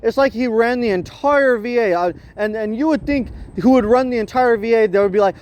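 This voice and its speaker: A man's voice: very high voice, brisk, few pauses, a little mellow. A man vlogging in a rambling, profane rant, stumbling over his words and repeating himself. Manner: repetitive, stumbling, swears heavily, ranting.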